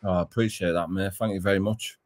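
A man's voice: sits low, steady tone, fast, no echo. A man interviewing a guest in easygoing chat, laughing often and swearing casually.

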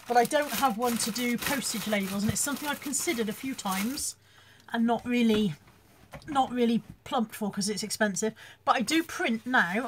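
A woman's voice: medium pitch, slight background noise. A British woman hosting a casual live chat from home, reading out viewer comments and laughing often as she talks into her phone. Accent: British English.

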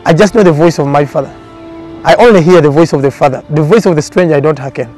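Speaking at a quick pace, a prophet with a slightly higher voice earnestly gives his testimony in a documentary interview, falling into a repetitive preaching cadence. Soft music plays faintly in the background.

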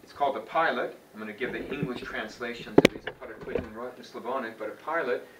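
The chant teacher here has a medium-pitched voice and talks fast, giving students informal explanations full of restarts and asides. It's recorded from a distance in a roomy space, with faint noise behind him.

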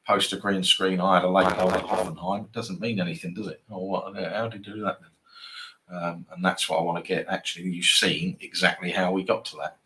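A man's voice: sits low, pushed and bright. A man hosting a live football trading stream, chatting casually and bantering with viewers in a rambling way.

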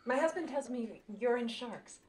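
An actress playing the police chief's polite wife in a film, speaking softly. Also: female voice, fairly high pitch, expressive, moderate pace, slight background noise, close to an everyday voice.

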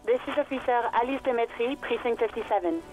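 Woman voicing a quick, curt game dispatcher, slightly high. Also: over music, close to an everyday voice, low-quality recording. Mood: brisk. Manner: curt and businesslike. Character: brisk female police dispatcher.

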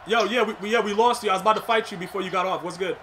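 A man streaming a football video game, talking fast and loose in street slang, trash-talking and joking between plays. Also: high-pitched, slight background noise. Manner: excitable slangy trash talk. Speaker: gaming streamer. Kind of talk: live gameplay commentary.

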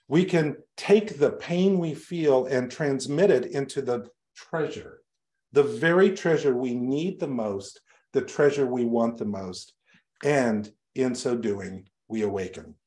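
A male reverend giving a sermon to his congregation, telling stories in a conversational way with light humor. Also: mid-range voice. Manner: warm conversational storytelling to a congregation, light self-deprecating humor. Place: church sanctuary.

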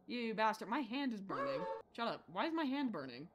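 A fairly high-voiced woman streaming a horror game. She lurches from shouted insults at the screen to soft muttered asides, and rambles jokingly with her viewers. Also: very animated, fairly quick, hardly any pauses, a little hiss or hum. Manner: swings between shouted insults and quiet mumbling; rambling, jokey chatter with chat.

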